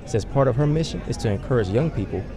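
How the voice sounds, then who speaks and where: A male field reporter reading a scripted news report in a brisk, clipped way. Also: medium pitch, lively intonation. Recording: crowd noise from outdoor rally.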